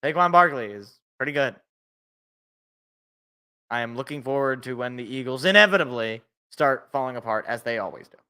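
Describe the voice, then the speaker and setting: A man hosting a sports podcast alone, ranting in a rambling, animated way and cutting himself off. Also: mid-range voice, moderate pace, smooth. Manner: rambling, animated, self-interrupting. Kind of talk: casual solo sports rant.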